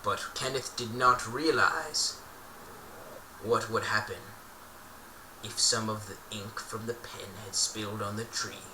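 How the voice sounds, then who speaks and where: A man's voice: fairly low pitch, fairly even intonation, a little slow, long pauses, pushed and bright, a little hiss or hum. A man telling an improvised story in a playful, rambling way, often correcting himself mid-sentence. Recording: roomy echo, distant mic.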